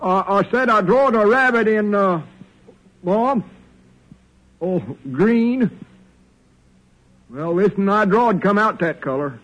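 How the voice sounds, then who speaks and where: An actor playing a simple, eager young country man, in a husky, stammering drawl, in 1940s radio acting. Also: high voice, expressive, fairly bright tone, full character voice, low-quality recording. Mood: rambling. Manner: slow, stammering rural drawl.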